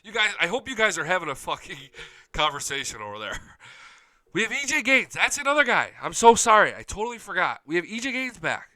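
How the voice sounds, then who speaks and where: A man's voice: sits high, big pitch swings, fast talker, sharp tone. A young man hosting a live sports talk show, ranting with heavy profanity and hype. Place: home studio.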